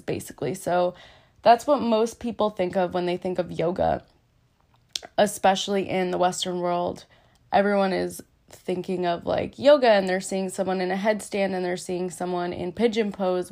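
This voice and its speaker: A woman teaching yoga in a casual, earnest way, chatty and self-deprecating, with lots of "um" and "like". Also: mid-range voice. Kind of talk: casual explanatory talk.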